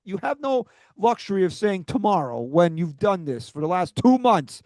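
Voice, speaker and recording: A man's voice: high voice, sing-song, fairly quick, few pauses, a little mellow, no room sound. A man hosting a sports talk podcast, agitated and ranting with swearing. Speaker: podcast host.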